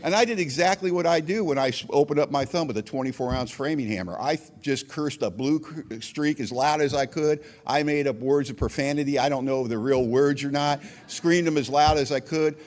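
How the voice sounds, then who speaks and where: A man sharing his recovery story at a meeting, self-mocking and acting out scenes, swinging between loud outbursts and quiet reflection. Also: fairly high pitch, fairly quick, hardly any pauses, long reverb tail. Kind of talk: animated storytelling talk.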